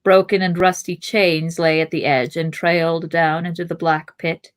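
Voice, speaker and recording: A woman with a somewhat low voice reads a fantasy novel aloud for a podcast, pitch- narrating expressively. She breaks off for chatty, laughing asides between passages. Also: little pitch movement, moderate pace. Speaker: podcast host and reader.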